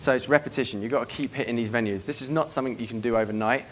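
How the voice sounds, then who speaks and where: A man giving a seminar to a live room, brisk and profane, acting out club scenes as he goes. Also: medium pitch, a little hiss or hum. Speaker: dating coach giving a seminar. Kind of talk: live seminar talk to an audience.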